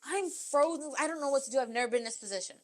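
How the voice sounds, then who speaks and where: A young woman co-hosts a casual podcast, telling a wild story with animated energy. Her voice sits a little high and she swears freely as she acts out what people said. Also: racing. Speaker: podcast co-host.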